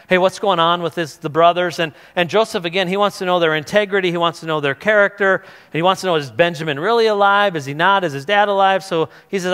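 A man's voice: a little high, fairly bright tone, clean tone. A male pastor giving a sermon, retelling a scripture story in a casual way, with frequent restarts, and he voices the characters as he goes. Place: church hall. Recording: long church hall reverb.

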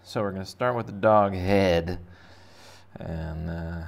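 This man's voice sits low and sounds gravelly, and he takes his time. As an art teacher, he's running a loose, jokey drawing lesson for kids, talking through his thoughts while he sketches.

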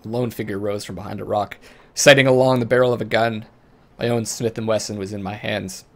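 A man's voice: on the low side, steady tone, brisk, gravelly. A man hosting a let's play, reading the game's story aloud and breaking into jokey asides. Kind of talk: reading game text aloud with casual asides.

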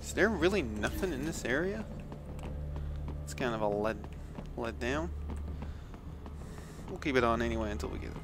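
A man from the Netherlands giving casual commentary while playing a video game, swearing and shouting out loud bursts. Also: mid-range voice, lively intonation, moderate pace, long pauses, background noise. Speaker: let's play gamer. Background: game music.

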